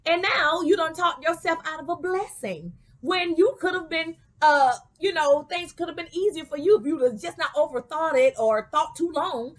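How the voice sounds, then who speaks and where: Woman spiritual teacher with a high voice. Casual, preachy and vernacular, and she keeps asking "okay?". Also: normal speed, hardly any pauses. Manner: preachy, repeats "okay?" and "you know what I'm saying" to the listener. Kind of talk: spiritual guidance talk.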